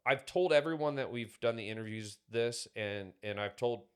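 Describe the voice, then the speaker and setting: A man's voice: medium pitch, moderate pace, clear, resonant tone. A man talking casually on a podcast, rambling through stories with lots of fillers. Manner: rambling, filler-heavy storytelling. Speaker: podcast guest.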